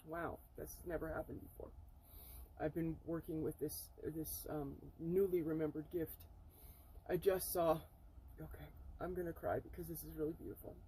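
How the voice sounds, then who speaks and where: Mellow-voiced woman, earnest and halting. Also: sits low, fairly even intonation, slight background noise, poor audio. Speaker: spiritual vlogger. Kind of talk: spiritual channeling vlog. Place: inside a camper. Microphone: camera mic.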